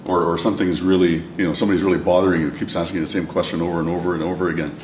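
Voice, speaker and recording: A man teaching a language lesson, patiently repeating words slowly for his learners. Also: flat delivery, a little mellow. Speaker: language instructor. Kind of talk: classroom lesson. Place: classroom or lecture room. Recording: echoey room, mic at a distance, faint rumble.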